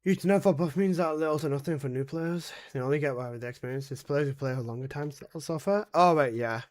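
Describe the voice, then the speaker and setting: Young guy streaming a game, kinda high voice, rambly and sarcastic, swears a lot. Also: fast talker. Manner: rambling, sarcastic, swears freely, talks to teammates. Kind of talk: casual live-stream commentary while playing.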